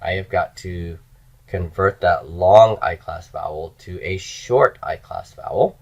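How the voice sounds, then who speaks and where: Low-voiced man teaching Hebrew grammar. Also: dull audio. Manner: explains step by step, has students repeat after him; drawn-out chanted pronunciations of word forms. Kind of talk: recorded classroom lecture.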